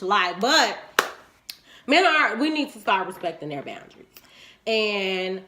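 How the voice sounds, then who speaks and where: A woman, telling a candid personal story to her viewers and acting out what people said. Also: moderate pace. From Chicago, US. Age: 20s. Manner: animated and frank, acting out quoted lines in swooping pitch.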